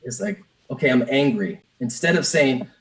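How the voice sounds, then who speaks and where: A man's voice: mid-range voice, expressive, moderate pace, fairly bright tone, rough recording. A business coach, a man, speaking openly in an interview and telling a personal story with many restarts. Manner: earnest, open, lots of restarts and "man". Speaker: business coach, podcast guest.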